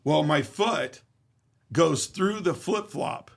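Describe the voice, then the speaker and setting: A man's voice: a little high, lively intonation, slow, gravelly. A man being interviewed, telling a story in a vivid, profane way and acting out the dialogue. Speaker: interview guest. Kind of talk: casual storytelling.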